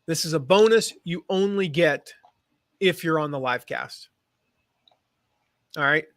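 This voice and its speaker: A man's voice: a little high, a little slow, fairly bright tone, no room sound, clean studio sound. An American man who grew up in the Midwest and South, teaching affiliate marketing in a rambling, casual live-stream chat. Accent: General American. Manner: chatty, rambling, with fillers and restarts.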